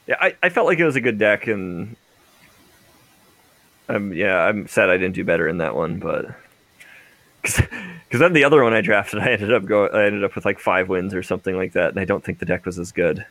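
A man's voice: sits low, lively intonation, brisk, a bit bright, no echo. A young man co-hosting a casual podcast, rambling and laughing often, restarting his sentences. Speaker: podcast co-host. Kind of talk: casual chat.

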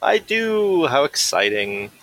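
A man's voice: on the high side, big pitch swings, slow, fairly bright tone, dry recording, rough recording. A young man co-hosting a casual podcast, with dry, joking remarks. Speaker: podcast co-host. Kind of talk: casual chat.

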